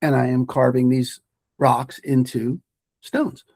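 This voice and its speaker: Calm neat stonemason explaining himself, a guy doing the voice, dry close audio. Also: medium pitch, takes it slowly, vocal fry, dry recording. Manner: calm, matter-of-fact.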